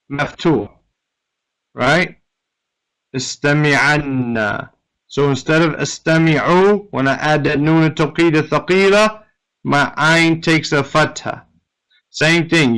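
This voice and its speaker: Slow, smooth-voiced man teaching grammar. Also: a little high, a bit bright, rough recording. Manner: explains step by step, often checking with "right?". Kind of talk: classroom grammar lesson.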